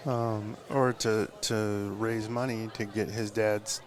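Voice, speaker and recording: A tattoo artist with a lowish voice talks slowly and flatly, rambling through a long story with plenty of fillers and profanity during a live podcast interview. The setting is a tattoo convention, where slight background noise mixes with loud chatter from the crowd.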